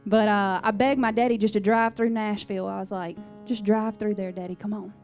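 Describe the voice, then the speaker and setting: A woman's voice: medium pitch, steady tone, a little fast, a little mellow, faint music behind. A young woman from Louisiana with a thick Southern accent, telling folksy, sassy stories between songs in a radio studio. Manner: folksy, sassy, down-home storytelling. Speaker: country singer. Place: radio station performance studio.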